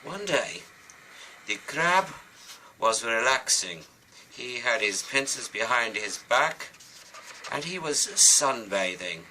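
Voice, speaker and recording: A man's voice: medium pitch, animated, takes it slowly, pauses often, bright, forceful tone, a little hiss or hum, poor audio. Chatty British man telling a kids' story. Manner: rambling, chatty asides. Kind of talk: children's storytelling while drawing.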